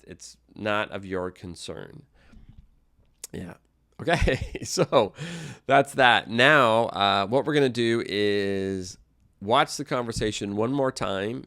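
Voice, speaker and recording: A man teaching an English grammar lesson, explaining phrases in a relaxed way with fillers and small restarts. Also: lowish voice, clean tone.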